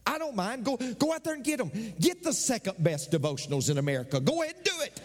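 A middle-aged man preaching a sermon as pastor, swinging from shouts down to whispers. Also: very high voice, big pitch swings, fast, in a large hall, slight background noise.

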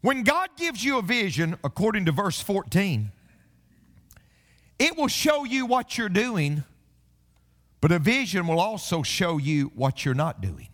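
Male pastor preaching, high voice, swooping lively delivery, long hall reverb. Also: a little slow, pauses often. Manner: preaching with storytelling and repeated refrains. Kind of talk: sermon.

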